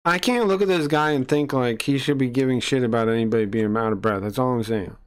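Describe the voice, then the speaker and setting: A man's voice: mid-range voice, fast talker, clean tone. A man casually reacting to a video, indignant and rambling, often repeating himself.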